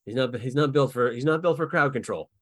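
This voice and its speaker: A man's voice: mid-range voice, no room sound. A man co-hosting a podcast and serving as dungeon master, chatting animatedly and laughing often as he brainstorms characters. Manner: animated, laughs often, acts out quick bits of dialogue. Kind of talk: casual podcast chat about building game characters.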